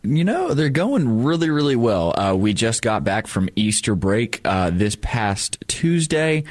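A man's voice: mid-range voice, big pitch swings, measured pace, dry recording. A young man, a college student on a radio show, polite and talking through hiccups with many fillers. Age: young adult.

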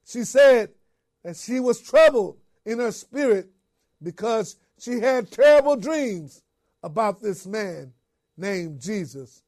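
A man delivering a dramatic sermon monologue, telling a story in the first person and dropping to a hush on repeated refrains. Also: sits high. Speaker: preacher.

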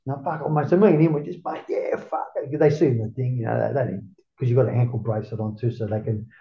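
Gravelly middle-aged Australian man, roomy. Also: medium pitch, fast. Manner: rambling, profane, peppered with "mate". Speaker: interview guest. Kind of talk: casual storytelling. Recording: roomy, dull lo-fi sound.

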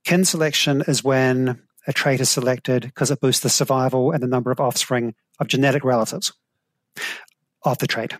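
A middle-aged man with a New Zealand accent answers interview questions in a thoughtful, hedging way. His voice sits at an ordinary pitch. The sound is dry and close, with no room around it. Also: steady tone, moderate pace, no room sound. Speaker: guest, evolutionary psychology professor. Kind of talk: explanatory interview talk.

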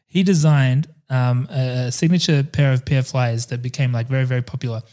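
A man's voice: mid-range voice, fairly even intonation, brisk, a little mellow. Man, podcast host, casual, jokey, swears, laughs a lot. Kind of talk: casual chat.

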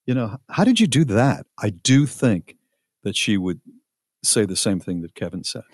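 A man's voice: fairly low pitch, very animated, normal speed, dry recording, studio quality. A man co-hosting a radio show, chatting casually and reacting to his co-host with short, affable interjections.

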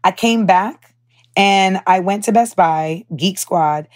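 A woman's voice: medium pitch, slow. Chatty young woman podcaster. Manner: candid, animated storytelling with profanity and many fillers. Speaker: podcast host. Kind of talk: casual chat.

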